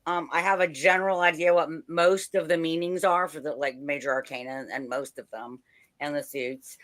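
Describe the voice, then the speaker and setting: A woman's voice: sits low, steady tone, moderate pace, a bit bright. A woman co-hosting a casual chat, talking in a frank, skeptical and chatty way. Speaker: medium and co-host.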